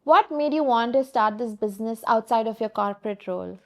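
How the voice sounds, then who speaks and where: A woman hosting an interview podcast who asks brief, soft-spoken questions, filling them with "like.". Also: a little high, brisk. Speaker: podcast host.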